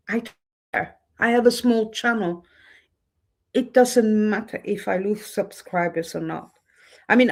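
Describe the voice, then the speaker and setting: A woman talks to her viewers in an unhurried, deliberate way, her pitch sitting in an ordinary middle range. She is blunt and openly indignant, and her voice climbs and sharpens as she gets heated. It is a candid, unscripted livestream monologue. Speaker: channel host.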